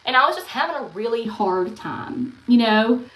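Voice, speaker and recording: A woman talks candidly in a casual confessional vlog, in a voice pitched a touch high. She sits back from the mic, and the room rings around her words. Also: sing-song, moderate pace, fairly bright tone. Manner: candid, frank, earnest. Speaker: online content creator. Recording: roomy, some distance from the mic.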